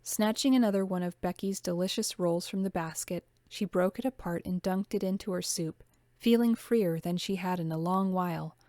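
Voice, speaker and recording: A woman reading a novel aloud as an amateur audiobook narrator, calm and steady, with casual asides. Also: lowish voice, no room sound, clean studio sound.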